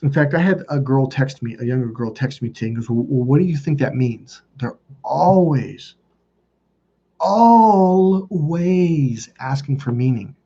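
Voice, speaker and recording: A man's voice: mid-range voice, fast talker, hardly any pauses, dark tone, husky. A middle-aged man, a dating coach, telling a story in casual, rambling talk, swearing freely and acting out the voices of the people in it. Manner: profane, rambling, acts out quoted voices. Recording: dull lo-fi sound.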